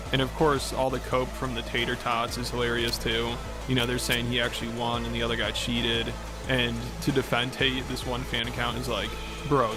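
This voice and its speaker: A man giving scripted commentary in a sarcastic, mocking tone. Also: mid-range voice. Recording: voice-over with loud music under it.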